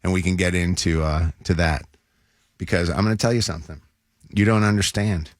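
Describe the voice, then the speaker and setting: A man hosting a radio show, chatting casually and telling animated family stories. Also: deep voice, a little fast, no echo, studio quality. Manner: animated storyteller, acts out quotes.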